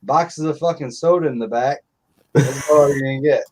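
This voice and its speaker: A man's voice: mid-range voice, normal speed, a little hiss or hum. A middle-aged man telling stories in casual live-stream chat, blunt and profane.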